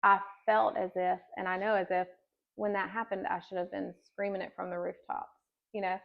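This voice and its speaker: A woman's voice: mid-range voice, level tone, moderate pace, gravelly, lo-fi sound. A woman in her thirties giving an earnest personal faith testimony as a podcast guest, telling her story with many casual fillers.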